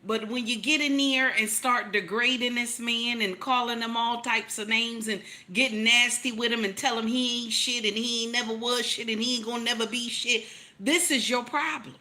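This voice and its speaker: A woman's voice: on the high side, steady tone, normal speed, pushed and bright. Emphatic woman giving relationship advice. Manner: emphatic, repeats lines for effect, teasing rhetorical questions. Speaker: relationship commentator. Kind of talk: animated relationship advice commentary.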